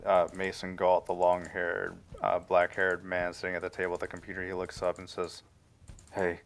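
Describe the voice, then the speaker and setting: A man narrating as game master of a tabletop game, talking in halting bursts with many restarts and fillers. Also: low-pitched, completely flat delivery, gravelly.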